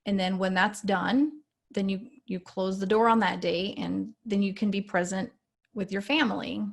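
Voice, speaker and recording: A woman's voice: mid-range voice, steady tone, normal speed, vocal fry. A woman in her thirties talking in a casual podcast conversation, in an easygoing way that gives advice, with many "you know"s. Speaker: podcast guest or host, parent.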